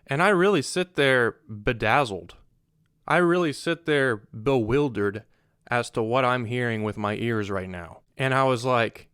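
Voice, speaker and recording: 一个带美国南方口音的年轻男人，在录一段随意讲故事的视频。他语气恼火地吐槽顾客，声音圆润清晰，音高适中，录音很干，几乎没有回声。. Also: male voice, mid-range voice, measured pace, a bit bright, smooth, dry recording, clean studio sound. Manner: exasperated, ranting. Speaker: vlogger. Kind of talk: casual storytelling monologue.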